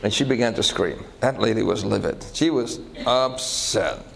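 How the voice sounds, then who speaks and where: A male pastor preaches a sermon in an animated way, telling a story and checking in with the audience by asking them questions. His voice is on the low side and creaky at a normal speed, and the recording is rough.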